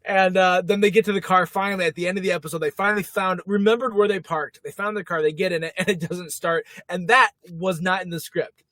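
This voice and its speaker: A man co-hosting a podcast in casual chat, laughing often and filling pauses. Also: sits high, steady tone, sharp tone, no echo. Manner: chatty, laughs often, many fillers. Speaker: podcast co-host.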